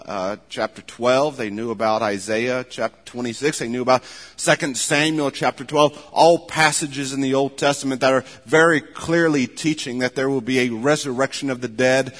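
A man preaching a sermon, animated, rising to loud emphasis and dropping to quiet asides. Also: mid-range voice. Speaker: pastor. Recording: long hall reverb.

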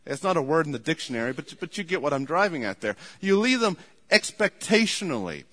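Bright-voiced male preacher in a hall. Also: a little high, fairly quick. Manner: conversational, animated storytelling with acted quotes. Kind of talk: sermon on marriage. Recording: large hall with long reverb.

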